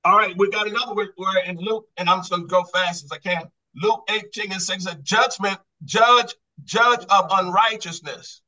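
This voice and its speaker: A man's voice: high-pitched, fairly even intonation, brisk, few pauses, sharp tone, rough recording. A man teaching a Bible study class on grammar, quizzing the group with repeated questions and restarting his phrases to stress a point.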